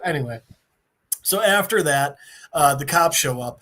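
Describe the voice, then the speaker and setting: A man's voice: a little high, animated, unhurried, a bit bright. A man hosting a casual podcast, recapping a TV episode with swearing, laughs and put-on character voices. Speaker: podcast host.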